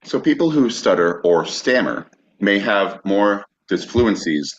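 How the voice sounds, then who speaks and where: A man's voice: lowish voice, sing-song, a little slow, dull audio. A man co-hosting a podcast, reading a prepared text steadily and now and then stumbling on a word. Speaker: podcast co-host.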